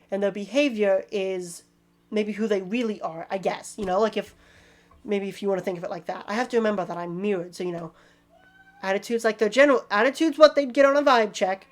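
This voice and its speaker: A woman casually explaining tabletop game character tips in a rambling, self-deprecating way. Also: mid-range voice.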